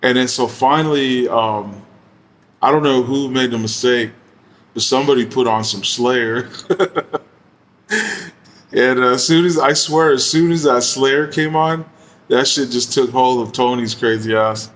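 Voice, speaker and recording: A man telling a story in a relaxed, casual way, full of slang, swearing and fillers like "you know". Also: mid-range voice, measured pace, long pauses. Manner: laid-back, slangy and profane, heavy use of fillers.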